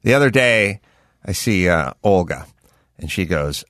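A middle-aged man hosting a podcast, telling a rambling, deadpan, complaining story in casual chat. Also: low-pitched, a little slow, no room sound, clean studio sound. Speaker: podcast host.

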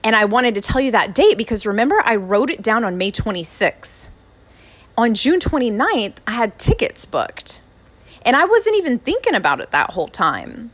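Lively woman with a fairly high voice. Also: moderate pace. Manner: lively, spontaneous, laughs often while telling stories. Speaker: time management coach and podcast host. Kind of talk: casual storytelling monologue.

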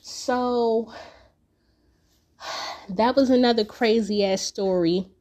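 A young woman, telling a personal story on her podcast in a profane, animated way. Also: on the high side, drawn-out words. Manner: profane, animated, acts out quotes loudly. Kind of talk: casual storytelling.

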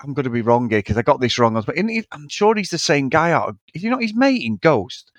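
A man's voice: fairly high pitch, sing-song, quick pace, no room sound. A man co-hosting a film podcast, rambling and swearing freely in casual chat. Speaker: podcast co-host.

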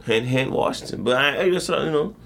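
A man's voice: medium pitch, lively intonation, brisk, gravelly, fairly bright tone. A man co-hosting a casual sports chat, loose and joking with plenty of profanity. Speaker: podcast co-host.

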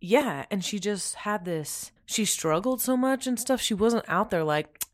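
A young woman co-hosting a casual podcast chat, telling stories in an animated way and laughing often. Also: mid-range voice, unhurried, few pauses, dry recording. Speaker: podcast co-host.

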